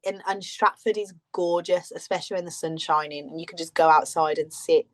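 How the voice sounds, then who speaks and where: A woman's voice: fairly low pitch, steady tone, brisk. A woman co-hosting a podcast in casual chat, rambling and laughing often. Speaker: podcast co-host.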